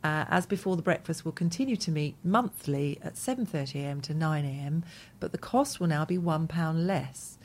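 Co-host: a woman with a lowish voice, chatty and giggly, reading messages out on air. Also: normal speed, a little hiss or hum. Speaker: radio co-host. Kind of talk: casual radio chat.

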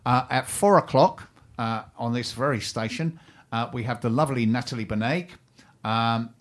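A man's voice: medium pitch, normal speed. A man co-hosting a local radio show, chatting casually and reading out what's coming up, full of ums and restarts. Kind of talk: casual radio chat and station announcements. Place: radio studio.

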